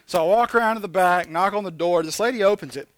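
A man's voice: sits high, quick pace, no room sound, studio quality. A man preaching a conversational sermon with jokey asides, talking candidly and animatedly to his congregation. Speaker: pastor.

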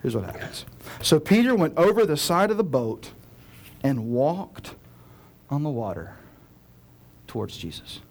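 A pastor in full sermon mode, his slightly higher man's voice rising into urgent appeals and then dropping to a near hush to land a point. He talks straight to the congregation, earnest and personal. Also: sing-song, a little hiss or hum. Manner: dramatic, swinging between loud urgent pleading and hushed slow emphasis; earnest, direct address to listeners.

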